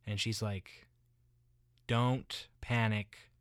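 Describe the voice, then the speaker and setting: A man playing a muddled everyday guy who rambles haltingly, full of restarts and filler words. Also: fairly low pitch, level tone, clear, resonant tone, no room sound, studio quality.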